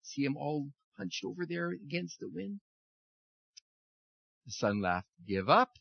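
Animated man telling children a story. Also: on the high side, slow pace, creaky, slightly rough, no room sound, highs cut off. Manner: animated, friendly, speaks to children. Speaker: pastor leading a children's message. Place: church.

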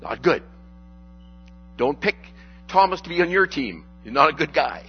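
Joking, relaxed man preaching a sermon. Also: a little high, normal speed, husky, lo-fi sound, faint music behind. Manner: relaxed, joking, with frequent fillers and restarts. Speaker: pastor. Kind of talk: conversational sermon.

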